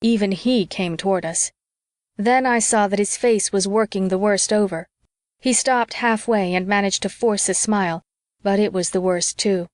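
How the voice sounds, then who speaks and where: A woman reading a novel aloud as a steady first-person audiobook narrator. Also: mid-range voice, moderate pace, no room sound, studio quality.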